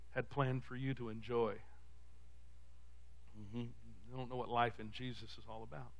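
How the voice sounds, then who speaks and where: Texan male pastor preaching in a church, high bright voice, builds to shouts. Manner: preaching with call-and-response, rising to shouts. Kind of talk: sermon. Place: church sanctuary.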